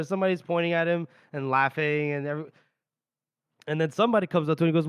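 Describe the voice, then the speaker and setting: A man's voice: on the high side, brisk, clean tone, no room sound, clean studio sound. A man co-hosting a podcast, animatedly retelling a book chapter in casual chat and often laughing. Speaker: podcast co-host.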